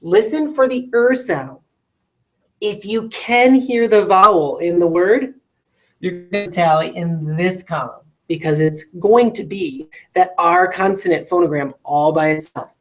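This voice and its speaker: A woman with a slightly low voice teaches a recorded phonics lesson for classrooms. She stretches each word out sound by sound and keeps checking in with quick rhetorical questions. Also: low-quality recording.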